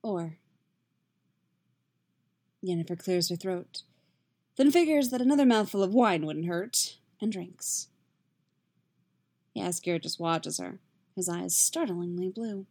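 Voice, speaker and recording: A woman reading a story aloud in a soft, steady, intimate narration. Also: fairly low pitch, takes it slowly, long pauses. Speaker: reader. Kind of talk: audiobook-style fiction reading.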